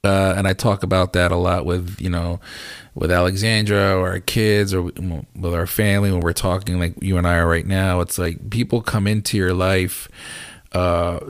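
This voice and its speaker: A man hosts a podcast in a low, deep voice, reflecting on the conversation in a measured way. The sound is dry and close, with no room echo. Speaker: podcast host. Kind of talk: conversational interview.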